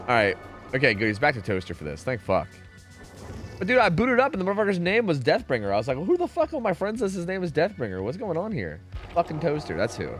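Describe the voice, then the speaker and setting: A young man streaming a game, chatting casually with viewers, rambling and swearing as he reacts loudly to chat. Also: fairly high pitch.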